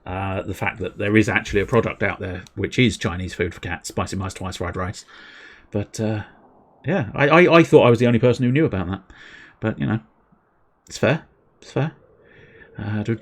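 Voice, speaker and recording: Low-voiced man rambling playfully. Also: normal speed. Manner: rambling, playful wordplay, self-deprecating. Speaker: streamer. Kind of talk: casual livestream commentary.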